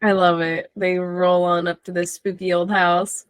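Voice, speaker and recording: A woman's voice: on the low side, flat delivery, a little slow, clear, resonant tone, no echo. A woman co-hosting a casual movie podcast, talking at an easy pace and laughing often. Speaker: podcast co-host.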